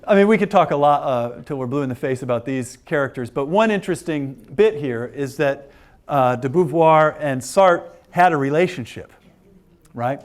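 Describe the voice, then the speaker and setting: A man's voice: fairly high pitch, lively intonation, moderate pace. Chatty joking male lecturer. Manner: chatty, joking, frequent fillers and laughs. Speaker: philosophy lecturer. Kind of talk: informal classroom lecture. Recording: lecture room.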